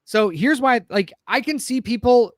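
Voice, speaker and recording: Hurried high-voiced man co-hosting a podcast. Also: no echo, clean studio sound. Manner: hurried, apologetic about leaving, argumentative. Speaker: podcast co-host. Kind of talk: casual podcast chat.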